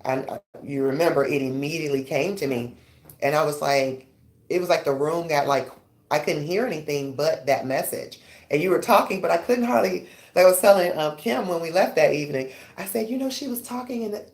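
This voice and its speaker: A woman hosting a radio show, chatting casually and telling stories with animated rises when excited. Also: a little fast. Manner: animated storyteller, rising pitch when excited. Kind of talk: casual interview chat.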